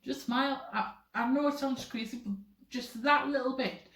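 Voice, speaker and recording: A woman's voice: high-pitched, normal speed, fairly bright tone. A young woman talking casually to camera, rambling with lots of fillers. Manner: rambling, filler-heavy, chatty. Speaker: vlogger. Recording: roomy echoey room.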